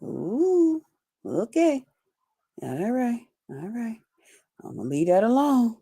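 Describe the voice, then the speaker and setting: Slow, profane woman chatting on a livestream. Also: fairly high pitch, big pitch swings, warm tone. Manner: laughs often while greeting viewers. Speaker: livestream host reading her chat. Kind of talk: casual unscripted live chat.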